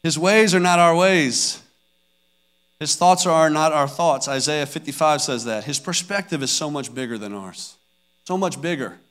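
A man's voice: fairly high pitch, a bit bright. A man in his thirties giving a personal devotional talk as a father, telling stories earnestly and acting out family scenes. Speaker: father sharing a devotional message.

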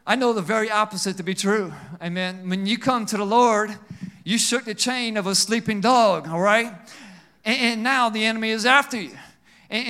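A male pastor preaching a sermon with call-and-response amens, swinging between emphatic and quiet passages. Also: sits high, clean tone.

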